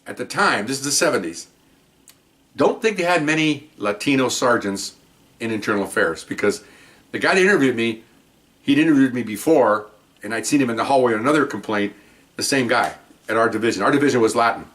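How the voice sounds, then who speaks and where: This older retired police officer, Mexican-American, speaks at a fairly quick clip in a medium pitch while casually telling a story on camera. He brings the quotes to life by acting them out, sprinkling in "okay?" often.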